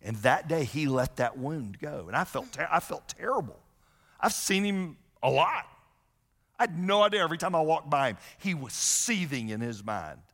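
A man preaching a sermon as a pastor, conversational and animated, often acting out the voices of the people he quotes. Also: fairly high pitch, normal speed. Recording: long hall reverb.

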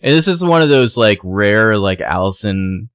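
Low-voiced guy chatting through a tv recap, dry close sound, acts out quotes. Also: expressive, fairly bright tone, no echo. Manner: retells scenes with quick quoted voices. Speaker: podcast co-host recapping a TV episode. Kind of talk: casual chat.

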